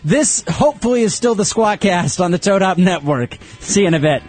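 A man's voice: sits high, lively intonation, brisk, music in the background. A man hosting a podcast, teasing his guest in a wry, casual chat. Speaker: podcast host.

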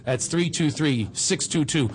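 A man's voice: on the high side, measured pace. A man hosting a call-in podcast, chatting casually and ranting with comic energy. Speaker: podcast host taking calls. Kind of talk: casual chat.

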